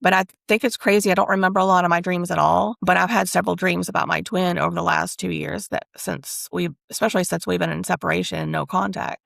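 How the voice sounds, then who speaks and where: Heavily gravelly woman, dry close sound. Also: lowish voice, steady tone, fast, hardly any pauses, a bit bright, no room sound. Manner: rambling, candid, confiding; talks to spirit aloud while channeling. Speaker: spiritual reader and channel host. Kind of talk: casual spiritual reading and personal story.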